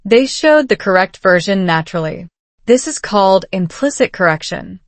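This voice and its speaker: A woman giving calm, measured scripted narration of a story for English learners. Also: mid-range voice, no echo.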